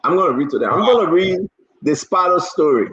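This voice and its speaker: A man's voice: a little high, expressive, brisk, fairly bright tone, lo-fi sound. A man from Liberia with a Liberian accent, hosting a casual political talk show, teasing and pushing his guest with many restarts.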